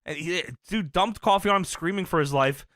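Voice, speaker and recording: A man in casual podcast chat, animatedly retelling a wrestling show with constant laughter, swearing and quick impressions. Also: sits high, a bit bright, no echo, clean studio sound. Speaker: podcast co-host.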